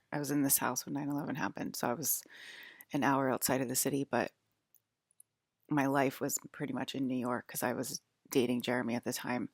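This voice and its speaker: A woman's voice: extremely low pitch, no room sound, studio quality. A woman in her forties, talking in a meandering, casual monologue full of fillers and restarts. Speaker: vlogger.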